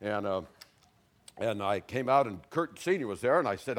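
An older man shares his testimony before an audience. His pitch rises and falls in lively swings. He drops to a hush and then bursts out loud as he talks. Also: moderate pace. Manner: animated storyteller, swings from hushed to loud. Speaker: speaker giving testimony.

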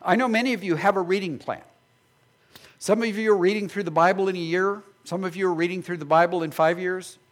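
A male pastor preaching a sermon, animated and acting out imagined voices of his listeners. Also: high voice, fairly quick.

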